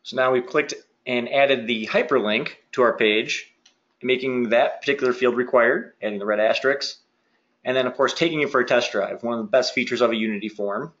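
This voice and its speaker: A man presenting a software webinar, adding upbeat, chatty commentary on new features. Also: medium pitch, fairly quick, muffled recording. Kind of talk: webinar walkthrough.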